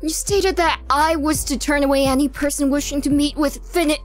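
A woman's voice: high voice, steady tone, a little fast, faint music behind, natural voice. A woman doing a whiny, defensive noble son. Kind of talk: live manga reading with voices.

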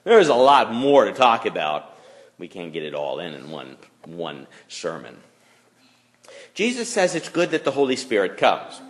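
A male pastor gives a chapel sermon for young children. His voice leaps and dips expressively as he teases and acts out little scenes. The sound carries a long reverb from the chapel. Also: fairly low pitch. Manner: animated, playful voices for the kids. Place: school chapel.

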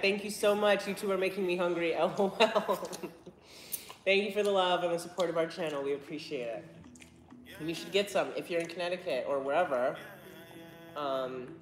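An American woman co-hosting a casual mealtime chat at home, chatty and laughing as she reads out viewer comments. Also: fairly low pitch. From United States. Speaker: co-host. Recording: roomy echoey room.

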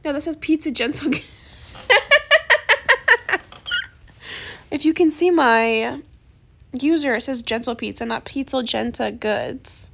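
A young adult woman in casual gameplay chat, soft-spoken and chatty, recorded on a phone in a quiet bedroom late at night. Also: high voice, normal speed, vocal fry. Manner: chatty, soft-spoken, calls viewers bestie. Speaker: gaming YouTuber.

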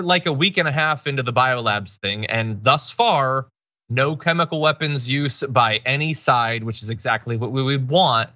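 Man, host, political commentary, bright forceful voice, emphatic, dry close recording, slightly lo-fi. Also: mid-range voice, no room sound. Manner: conversational, emphatic, with restarts.

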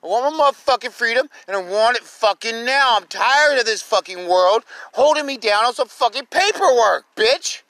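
A man in an angry, profane livestream rant, shouting and repeating himself, speaking into his phone. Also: extremely high pitch, expressive, moderate pace, few pauses, dry recording, low-quality recording. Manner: furious, profane, repetitive shouting.

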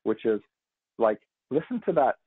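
A man's voice: mid-range voice, very animated, normal speed, husky, dry recording. A man guest on a podcast, explaining sales talk and acting out example lines, heard over a tinny, dry line. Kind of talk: podcast conversation.

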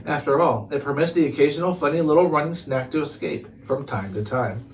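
A man's voice: a little high, brisk, close to an everyday voice. A sly, unflappable talking cat with a dry, smug, conversational way of speaking, as a man reading a storybook puts him on. The mic sits at a distance, so the voice comes across a little removed. A faint hiss runs underneath.

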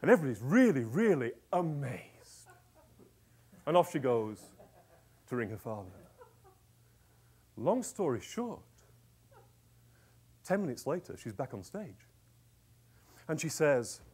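Lively male coach talking to an audience. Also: mid-range voice, measured pace, pauses often, slightly rough. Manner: lively, conversational, checks in with "yeah?". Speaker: author and executive coach. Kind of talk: storytelling talk to a live audience.

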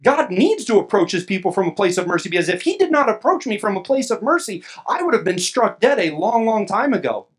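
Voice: medium pitch, sing-song, brisk, few pauses. A pastor preaching a sermon, reading scripture aloud at length and rising to impassioned, emphatic exclamations.

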